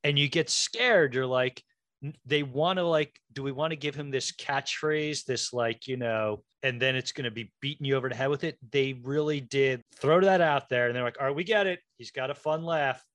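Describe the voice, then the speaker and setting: A man hosts a casual movie chat, joking and animated as he steers the talk. His voice sits at a middle pitch and sounds dry and close, with no room around it. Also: dry recording. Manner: animated, quick jokes, runs the quiz segment. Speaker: podcast host.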